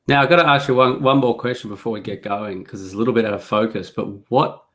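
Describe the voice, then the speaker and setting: A man's voice: medium pitch, fairly even intonation, fast talker, a bit bright. A man co-hosting a podcast over an audio-only video call, wry and self-mocking. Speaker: podcast co-host. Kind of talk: casual chat.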